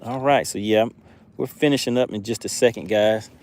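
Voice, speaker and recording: A man's voice: lowish voice, normal speed, darkish tone. A man hosting a fishing livestream, reading viewer comments aloud and laughing often in casual chat.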